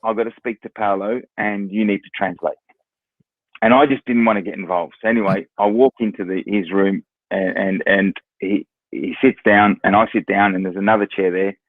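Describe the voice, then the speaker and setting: A man's voice: lowish voice, steady tone, moderate pace, no room sound, narrow, tinny audio. A man from Australia with an Australian accent, a former footballer telling anecdotes as a guest. He talks casually, repeats words and acts out what others said. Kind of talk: casual storytelling.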